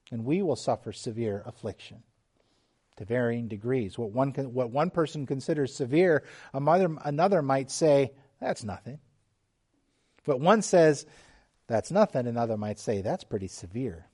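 A middle-aged man preaching a sermon, slow and emphatic, dropping suddenly to quiet, hushed lines. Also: mid-range voice. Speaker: pastor.

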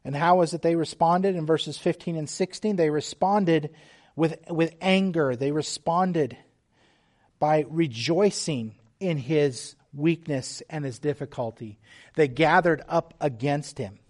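A man preaching a sermon as pastor, earnest and measured, with restarts and small asides. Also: fairly high pitch, darkish tone.

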